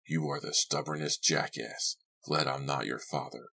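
A man playing a gruff, pushy older lodge owner who talks low and grumbling. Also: fairly even intonation, moderate pace, bright, forceful tone, heavily acted.

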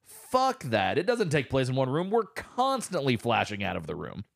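A man's voice: mid-range voice, wildly swooping pitch, normal speed, creaky, no room sound. A young man in casual podcast chat, laid-back and agreeing with dry remarks. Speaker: podcast co-host.

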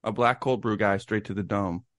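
A man's voice: lowish voice, normal speed, fairly bright tone, dry recording, studio quality. A young man co-hosting a podcast, chatting casually, joking and giving firm opinions. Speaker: podcast co-host. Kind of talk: casual chat.

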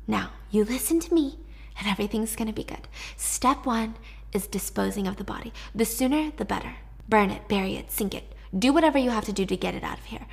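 A woman voicing a cold, scheming young woman captive who speaks in a calm, hushed, coaxing way while retelling a story. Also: medium pitch, a little fast, gravelly, natural voice.

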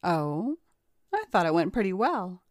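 A woman's voice: on the low side, very animated, measured pace, no room sound, clean studio sound. A woman voicing a stubborn, imperious woman on trial who speaks curtly and insists on her way. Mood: haughty. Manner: curt, haughty, insistent.

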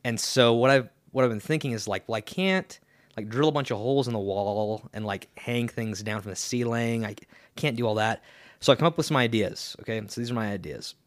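A young man co-hosting a podcast, chatting casually in a rambling, halting way with lots of fillers and restarts. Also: mid-range voice, no room sound, clean studio sound. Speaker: podcast co-host. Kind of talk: casual chat.

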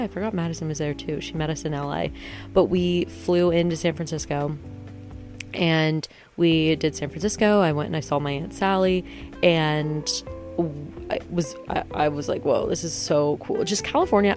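A woman's voice: low-pitched, darkish tone. A young woman from the US East Coast talking casually to camera, rambling, interrupting herself and laughing at her own jokes. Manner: rambling, self-interrupting, jokey, quick laughs. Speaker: vlogger. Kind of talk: casual chatty vlog.

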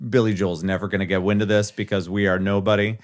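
A man's voice: on the low side, flat delivery, quick pace. A man co-hosting a casual podcast, reading a news article aloud and breaking off for wry asides. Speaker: podcast co-host.

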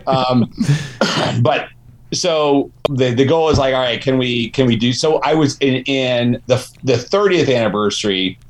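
A man's voice: mid-range voice, a little slow. A man being interviewed as a race director, talking casually with lots of fillers, restarts and laughter, acting out quotes. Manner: rambling, full of fillers, laughs often, acts out quotes. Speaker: race director, podcast guest.

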